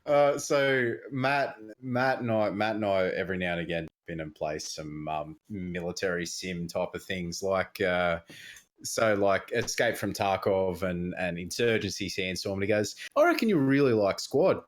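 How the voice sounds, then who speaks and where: A man's voice: low-pitched, measured pace. A man with an Australian accent co-hosting a gaming podcast, blunt and teasing. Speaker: podcast co-host. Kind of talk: casual gaming chat.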